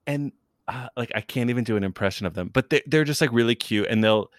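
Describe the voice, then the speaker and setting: Young adult male guest, chatty and rambling, mid pitch, dry mic. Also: quick pace, dry recording. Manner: rambling, filler-heavy, animated impressions. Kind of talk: casual chat.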